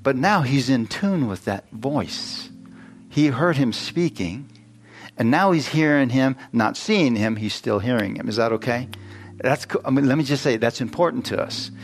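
A man preaching a sermon, emphatic and questioning his congregation, rising into exclamations. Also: mid-range voice. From United States.

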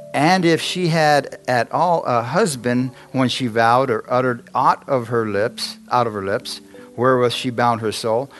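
A man's voice: mid-range voice, fairly bright tone. A middle-aged man preaching a sermon in a church, talking conversationally and asking the congregation frequent questions. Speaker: pastor.

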